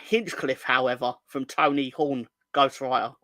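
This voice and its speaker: A man's voice: medium pitch, fairly even intonation, a little slow, pushed and bright, dry recording. A man with a London accent co-hosting a casual football podcast, rambling and joking as he reads out viewer comments. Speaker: podcast co-host.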